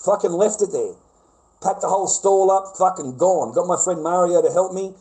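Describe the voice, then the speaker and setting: Mellow-voiced Australian man ranting profanely. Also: high-pitched, normal speed, rough recording. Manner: profane, rambling, repeats himself. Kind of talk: casual rant to a live audience.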